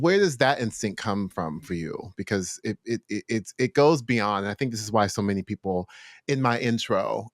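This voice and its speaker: A man's voice: fairly low pitch, dry recording, studio quality. A man hosting a chat, asking questions in a hesitant, stammering way. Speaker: host. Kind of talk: casual chat.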